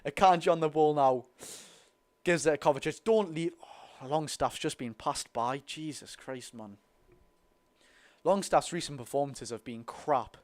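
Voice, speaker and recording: Young geordie lad doing a live footy watchalong, kinda high voice, chatty and hyped, talking to chat. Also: male voice, measured pace, long pauses. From North East England. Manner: excitable, chatty, talks to the chat and the lads. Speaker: football fan streamer. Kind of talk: live watch-along commentary.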